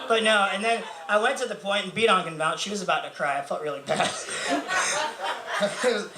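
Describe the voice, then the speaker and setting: A man's voice: sits high, brisk. A young man doing a rambling, profane, self-mocking stand-up set full of fillers and laughter. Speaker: stand-up comedian. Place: bar or club stage with a live audience. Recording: echoey room with crowd noise.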